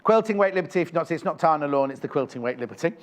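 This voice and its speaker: Man, higher voice, shopping channel host, chatty, enthusiastic, rambling. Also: expressive, very fast. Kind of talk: live TV sales presentation.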